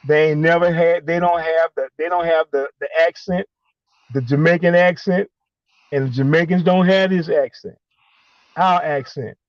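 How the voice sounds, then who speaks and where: A man calling in and speaking emphatically in a preachy way, halting with many fillers between points. The audio is a dull, lo-fi call line. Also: a little high, fairly even intonation, no room sound. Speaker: caller. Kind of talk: impassioned call-in monologue.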